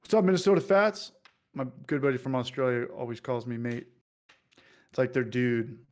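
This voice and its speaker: A man's voice: mid-range voice, normal speed, a little mellow. A man casually hosting a livestream, joking loosely and reading out viewer comments. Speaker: livestream host.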